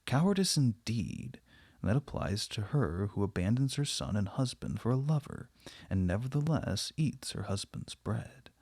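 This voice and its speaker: Give me a man voicing a cold, severe husband with a husky low voice. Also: very animated, unhurried, a little mellow, no echo, clean studio sound, exaggerated voice. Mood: cold scorn. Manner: severe, emphatic, stammering when upset. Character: stern cold middle-aged husband, severe.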